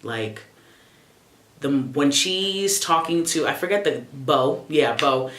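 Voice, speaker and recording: A young adult woman vlogging casually at home, expressive, profane and sassy. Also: sits low, unhurried, reverberant. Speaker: YouTuber. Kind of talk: casual reflective vlog.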